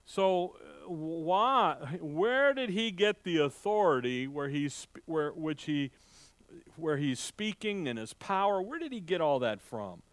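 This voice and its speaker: A man preaching verse by verse in a conversational way, reading old scripture slowly and acting out the crowd's reactions in a raised voice, with halting restarts. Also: very animated, no echo. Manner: conversational, acts out the townspeople's voices with rising pitch. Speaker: pastor. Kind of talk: sermon, verse-by-verse Bible teaching.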